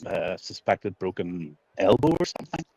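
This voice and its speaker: A man's voice: sits low, sing-song, normal speed, vocal fry, darkish tone, husky, no echo, poor audio. Joking co-commentator man. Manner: joking, teasing, laughs often. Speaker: sim racing league co-commentator. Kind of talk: casual race commentary.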